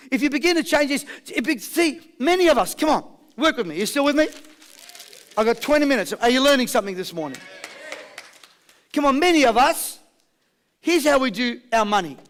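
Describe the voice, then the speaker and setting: A man with an Australian accent giving a high-energy motivational seminar, rallying a live audience with questions and call-and-response. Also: animated, normal speed, pauses often, fairly bright tone. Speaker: motivational speaker.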